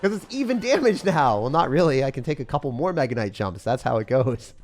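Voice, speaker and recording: A man giving casual, excitable live commentary on his own gameplay, using slang and laughing often. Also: medium pitch, fairly quick. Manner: excitable, swings from mutters to shouts. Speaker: gaming commentator.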